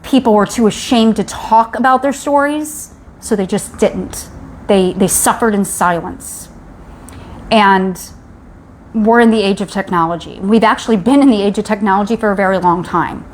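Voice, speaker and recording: A woman's voice: medium pitch, normal speed, slight background noise. A woman hosting a live stream, speaking in an urgent, rallying way about speaking up and sharing stories. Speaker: host. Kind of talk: live-stream advocacy talk.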